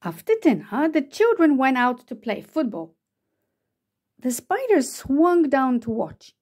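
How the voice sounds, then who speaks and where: A woman reading a children's picture book aloud, telling the story slowly and expressively. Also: sits high, big pitch swings, darkish tone. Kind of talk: children's read-aloud narration.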